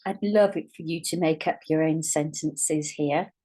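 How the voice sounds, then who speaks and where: A woman teaching a writing lesson, speaking patiently and dictating words slowly as she writes them out. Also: deep voice, steady tone, mellow. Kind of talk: dyslexia writing lesson, thinking aloud while writing.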